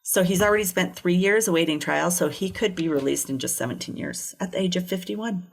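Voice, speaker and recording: A woman's voice: fairly low pitch, brisk, gravelly. A woman co-hosting a true crime podcast, telling a case in casual chat with blunt, sarcastic asides. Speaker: podcast co-host.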